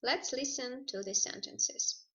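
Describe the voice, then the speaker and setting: Female English teacher, Russian accent, slightly high voice, dull lo-fi recording, explains grammar step by step. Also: measured pace, bright, forceful tone. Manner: explains grammar, switching between two languages. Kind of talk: recorded online lesson.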